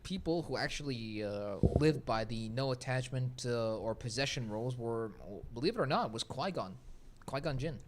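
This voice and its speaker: A man hosting a casual group podcast chat, animated and playful, often restarting and repeating his words. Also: mid-range voice, moderate pace, hardly any pauses, background noise. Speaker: podcast host.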